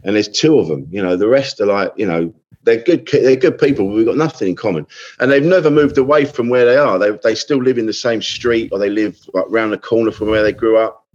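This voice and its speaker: A man's voice: fairly low pitch, fairly quick, darkish tone, dull audio. A man, a comedian chatting on a podcast, telling stories with a self-deprecating streak. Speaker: comedian guest. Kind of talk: casual podcast chat.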